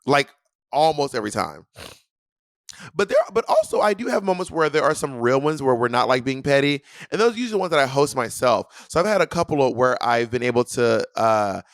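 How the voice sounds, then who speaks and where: A young man co-hosting a podcast, telling a story in a sassy, animated way and acting out what people said. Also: mid-range voice, brisk, no echo, clean studio sound. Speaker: podcast co-host. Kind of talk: casual chat.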